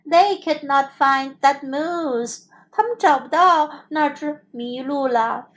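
A woman English teacher reading a children's story aloud in two languages, slow and expressive. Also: high-pitched.

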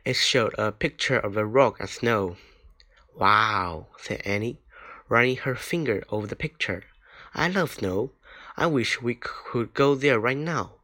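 Slow, careful man reading a storybook. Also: medium pitch, fairly bright tone. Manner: slow, careful reading with small slips and restarts. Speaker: reader. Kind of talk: reading a children's book aloud.

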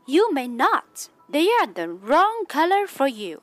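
A woman voicing a sly, mocking male fox in a children's picture book, quick and snappish. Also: sits high, very animated, no room sound, soft background music, full character voice.

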